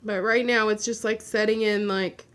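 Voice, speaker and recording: A woman's voice: medium pitch, level tone, normal speed, fairly bright tone. A woman giving a personal video update, venting in a frustrated, blunt rant with some swearing. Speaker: vlogger.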